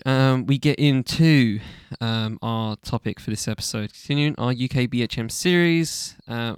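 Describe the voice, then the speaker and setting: A man's voice: mid-range voice, clean tone, no echo, clean studio sound. A young man from the UK hosting a casual solo podcast, rambling loosely with lots of ums and casual swearing. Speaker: podcast host.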